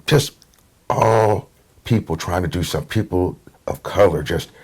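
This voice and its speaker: A man's voice: sits low, a little slow, a little mellow, slightly rough. A middle-aged man from Portland, Oregon, telling stories as a guest in a casual conversation and acting out the voices of people he quotes. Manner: easygoing storyteller, acts out quotes.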